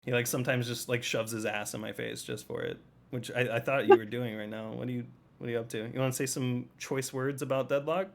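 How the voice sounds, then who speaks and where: A man's voice: medium pitch, steady tone, brisk, vocal fry, a little hiss or hum. A man on a game team's livestream Q&A, chatting casually with many fillers and asides to his cat. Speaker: developer on a game team Q&A stream.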